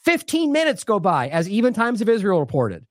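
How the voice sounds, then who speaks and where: A man's voice: sits high, huge pitch swings, a little fast, no room sound, studio quality. A man hosting an independent news show, delivering indignant, sarcastic commentary with heavy emphasis.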